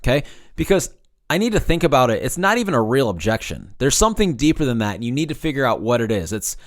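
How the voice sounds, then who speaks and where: A man hosting a solo coaching podcast on sales, direct and energetic, often checking in with "okay?" and "right?". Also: mid-range voice, fast talker.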